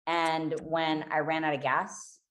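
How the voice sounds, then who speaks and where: A woman's voice: deep voice, level tone, slow pace, a bit bright. A woman guest on a podcast, candidly telling a raw, emotional personal story and swearing freely.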